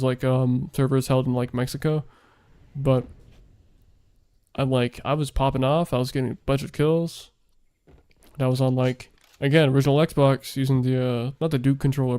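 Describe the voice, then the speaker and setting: A man's voice: mid-range voice, warm tone, smooth. A young man chatting casually while streaming a game he makes, rambling with lots of fillers, his voice worn out late at night. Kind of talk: casual gaming stream chat.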